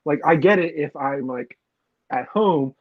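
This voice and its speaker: High-voiced, husky man telling stories. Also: unhurried, phone-quality sound. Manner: animated, laughing storyteller. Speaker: podcast co-host. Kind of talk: casual chat.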